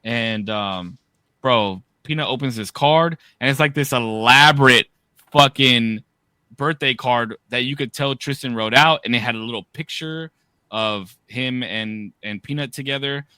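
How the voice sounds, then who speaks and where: A man in his thirties co-hosting a podcast, telling profane, animated stories and shouting the quoted lines. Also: mid-range voice, a little slow, smooth, dry recording. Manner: animated, profane storytelling with loud quoted outbursts. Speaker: podcast co-host. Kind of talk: casual storytelling.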